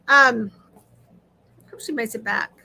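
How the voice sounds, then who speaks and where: A middle-aged woman chats casually as host of a livestream. Her voice sits high and sounds bright and ringing. She talks loudly and fast, pushing through the audio trouble. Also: vocal fry. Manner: loud, talking over audio trouble, chatty.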